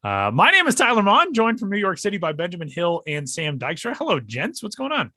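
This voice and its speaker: A man hosting a podcast in casual chat, jokey and animated. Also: sits high, no room sound, clean studio sound. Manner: jokey, animated, quick laughs. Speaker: podcast host.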